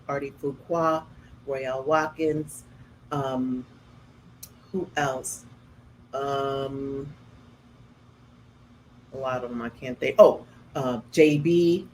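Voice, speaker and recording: A middle-aged woman, hosting a casual chat and telling stories with lively, acted-out quotes. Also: a little hiss or hum, poor audio. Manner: animated, acts out quotes with big pitch jumps. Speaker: host.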